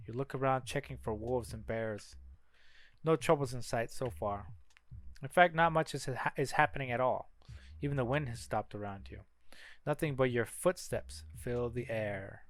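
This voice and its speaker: A man reading a narrative game aloud during a playthrough, with casual asides. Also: mid-range voice. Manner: casual asides between lines.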